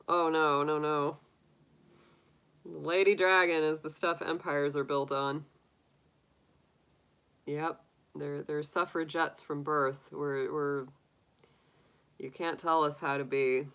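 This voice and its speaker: Chatty bright-voiced woman tarot streamer. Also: low voice, takes it slowly, pauses often, poor audio. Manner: laughs often, chatty and animated, acts out quotes. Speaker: tarot reader hosting a live stream. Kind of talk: casual live-stream chat with viewers.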